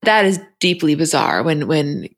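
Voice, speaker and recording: Woman podcast host, low voice, casual recap chat, quotes the cast bluntly. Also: big pitch swings, a little slow, husky. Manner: retells scenes quoting the cast, blunt.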